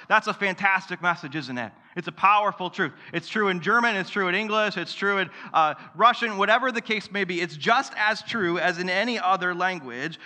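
A man's voice: fairly high pitch, moderate pace, sharp tone, big-room sound. A man preaching a sermon to his church, telling a story and asking the congregation rhetorical questions. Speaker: pastor. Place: church sanctuary.

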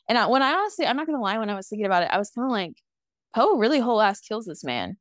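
A woman in her twenties chatting casually as a podcast co-host, recapping a film with sass, swearing freely and acting out lines in quick voices. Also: fairly high pitch, lively intonation, a bit bright, no room sound, clean studio sound. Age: 20s. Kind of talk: casual movie recap chat.

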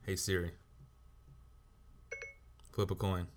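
A man's voice: sits low, flat delivery, slow pace, a little hiss or hum. A man hosting a solo podcast, ranting bluntly and swearing heavily as he talks. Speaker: podcast host.

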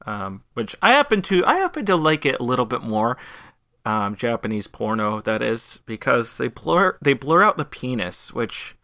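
A man's voice: medium pitch, big pitch swings, normal speed, sharp tone, dry recording, clean studio sound. A man hosting an improvised comedy interview, asking eager, bumbling questions and apologizing often.

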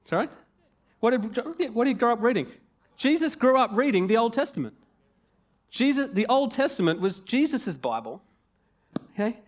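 A man in his forties preaching a sermon in a jokey, conversational and animated way, with asides and rhetorical questions. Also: extremely high pitch, moderate pace, pauses often.

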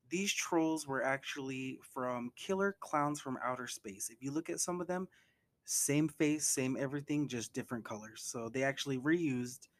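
Casual, profane man recapping a movie. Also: fairly bright tone. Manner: loose and profane, acts out quotes with big pitch jumps. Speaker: movie reviewer.

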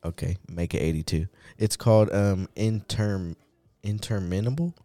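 Laid-back low-voiced podcast host. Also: male voice, moderate pace, mellow, no echo, soft background music. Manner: laid-back, laughing, joking. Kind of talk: casual stoner chat.

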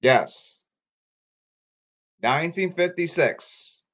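A man's voice: a little high, expressive, drawn-out words, a bit bright. A man rambling in an insistent, repetitive way, often restarting his sentences. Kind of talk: rambling address to camera.

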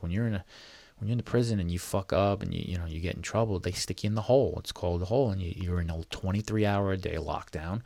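A man's voice: low voice, vocal fry, dry recording. A man casually telling a story, profane and rambling, full of fillers and restarts, sometimes acting out his own past words. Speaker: storyteller recounting prison time. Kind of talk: casual first-person storytelling.

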